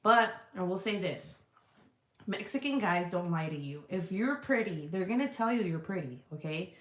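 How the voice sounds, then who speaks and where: A woman telling a story in casual chat as a vlogger, animated and swearing freely, laughing often. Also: lowish voice. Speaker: vlogger reading live chat. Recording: roomy echo.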